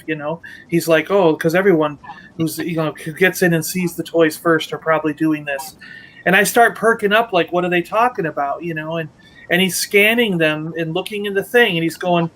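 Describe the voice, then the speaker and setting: With a slightly high, fairly even and fairly bright voice, this Lego merchandising rep talks fairly quickly over slight background noise in a rough recording. Co-hosting a casual toy-collecting livestream, he tells a long, rambling story, retelling conversations with restarts and acting out other people's words.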